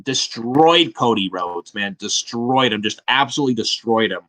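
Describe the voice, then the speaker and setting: A man's voice: mid-range voice, lively intonation, normal speed, bright, forceful tone. A man hosting a casual wrestling review, blunt and fond of swearing, with "man" tacked onto many lines. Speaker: podcast host.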